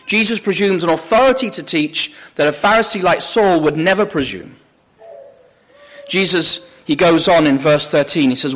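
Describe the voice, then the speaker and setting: A man's voice: fairly high pitch, normal speed, fairly bright tone. A man preaching a sermon, reading scripture aloud with emphasis from slides on a screen. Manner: emphatic, rising on quoted scripture. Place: church or lecture hall with slides.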